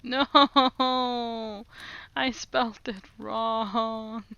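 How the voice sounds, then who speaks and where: A woman's voice: a little high, steady tone, drawn-out words, bright, forceful tone, smooth, lo-fi sound. A woman streamer chatting casually while doing language lessons, repeating foreign phrases aloud and giggling often.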